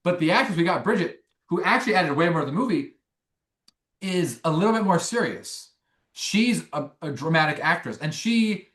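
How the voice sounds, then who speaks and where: Young man, interview guest, animated, restarts a lot, slightly high voice, roomy echo. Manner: rambling, animated, many restarts and fillers. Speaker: filmmaker guest. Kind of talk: casual interview storytelling.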